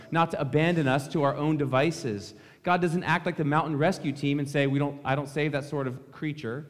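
A male pastor gives a Christmas Eve sermon, telling a relaxed story and speaking to the children. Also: a little high. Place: church sanctuary. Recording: long church reverb.

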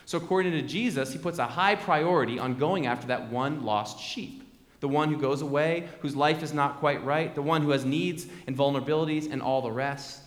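A man's voice: fairly high pitch, a little fast. A man preaching a sermon as pastor, conversational and fond of repeated refrains, in a large church sanctuary. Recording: echoey hall with long reverb.

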